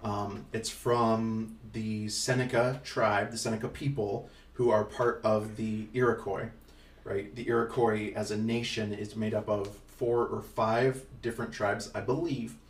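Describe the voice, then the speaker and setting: A man co-hosting a casual podcast as a father, talking in a rambling, playful way with lots of ums and restarts. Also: fairly low pitch. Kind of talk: casual chat. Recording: echoey room, distant from the mic, faint noise.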